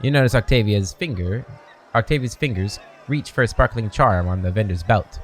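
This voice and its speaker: A man narrating a video game playthrough, reading the on-screen text aloud slowly with casual asides. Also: on the low side. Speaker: game streamer.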